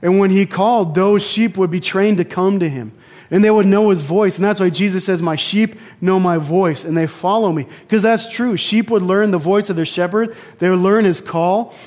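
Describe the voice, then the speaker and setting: High-voiced man giving a casual sermon. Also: normal speed, darkish tone. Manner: conversational, storytelling with asides and restarts. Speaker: preacher.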